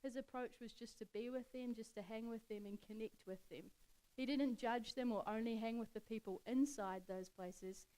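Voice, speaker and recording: A young woman gives a church talk, retelling a Bible story in a loose, chatty way and dropping in casual slang. Her voice is warm and mellow, with a smooth, clean tone. She keeps her delivery relaxed and conversational. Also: a little high, normal speed, poor audio. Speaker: church speaker.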